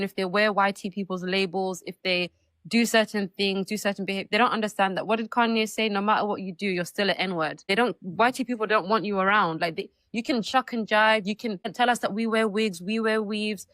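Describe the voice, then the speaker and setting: A woman from the UK on a live online panel, speaking fluently and bluntly in a measured way. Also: medium pitch, fairly even intonation, fairly bright tone, dry recording. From United Kingdom. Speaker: panel guest.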